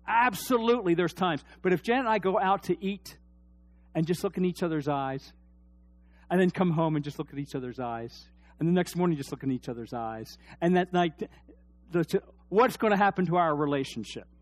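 A man preaching a sermon, dropping to a near hush and then rising to loud, emphatic shouts, and putting questions to his congregation. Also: a little high, moderate pace. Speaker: pastor.

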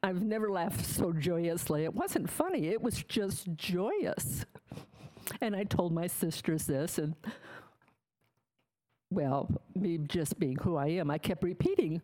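Woman, low-pitched, slow and unhurried, candid spoken testimony, plainspoken and emotional. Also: expressive, dark tone, rough recording. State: tearful. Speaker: testimony speaker. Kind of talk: personal faith testimony.

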